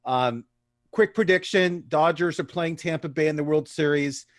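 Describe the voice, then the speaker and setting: Upbeat man hosting, slightly high voice. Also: moderate pace. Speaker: podcast host. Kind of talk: casual interview chat.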